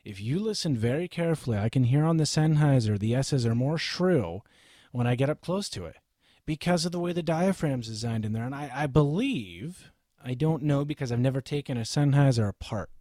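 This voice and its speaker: Brief: deep-voiced man, gear reviewer, blunt and opinionated, close studio mic, very dry sound. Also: expressive, fairly quick, dark tone, no room sound. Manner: blunt and opinionated, with frequent "okay?" check-ins. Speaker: microphone reviewer. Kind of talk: casual gear review vlog. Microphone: close studio microphone.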